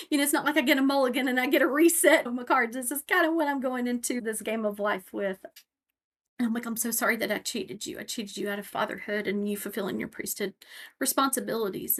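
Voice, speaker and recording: A woman with a slightly high, somewhat bright voice appears as a guest on a faith podcast. In this interview she gives a personal testimony, reflecting earnestly on her life in long answers full of imagery.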